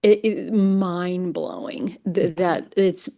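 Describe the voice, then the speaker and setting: A woman co-hosting a casual podcast, speaking haltingly as she thinks aloud. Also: on the low side, creaky, mellow. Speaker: podcast co-host. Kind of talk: casual group chat.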